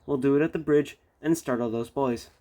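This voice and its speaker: Man reading as a calm, steady engine driver. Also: medium pitch, fairly quick, lightly acted. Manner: steady, explaining, reassuring. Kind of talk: storybook read-aloud.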